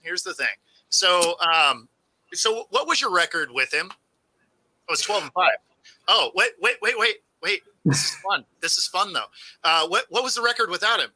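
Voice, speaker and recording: A man co-hosting a sports talk show, relaxed and teasing, with easy laughter and hesitant restarts. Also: high-pitched, moderate pace, no room sound, low-quality recording. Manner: relaxed, sarcastic, laughs easily. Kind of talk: casual sports debate.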